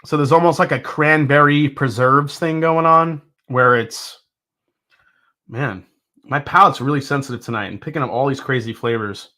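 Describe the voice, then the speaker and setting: A man hosting a live whiskey tasting, talking in a rambling, excitable way with lots of fillers and restarts. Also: medium pitch, moderate pace. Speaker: whiskey reviewer, host. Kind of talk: casual live tasting review.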